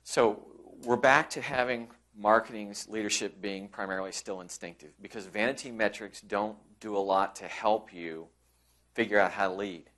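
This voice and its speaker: A man's voice: fairly low pitch, normal speed, fairly bright tone. A man presenting a conference session, conversational, with frequent restarts, acting out quoted colleagues. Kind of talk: conference talk.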